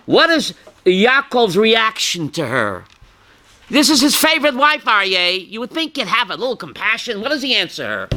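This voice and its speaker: A man leading a Torah class, his high voice leaping up and down as he quizzes listeners by name. He has a bright, forceful edge and pushes hard when he wants a point to land. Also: big pitch swings, moderate pace. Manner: calls on listeners by name, asks questions, bursts loud. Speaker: rabbi teaching a class.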